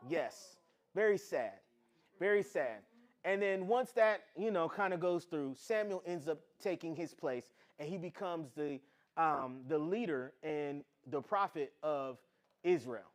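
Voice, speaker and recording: A man's voice: fairly high pitch, expressive, unhurried. A man teaching a casual Bible lesson, retelling the stories in slangy everyday talk and acting out the characters' lines.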